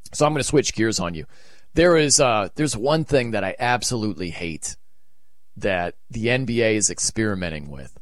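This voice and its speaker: A man hosting a sports radio show, talking casually and acting out excited and deflated reactions. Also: lowish voice, no echo. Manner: animated, acts out quoted reactions.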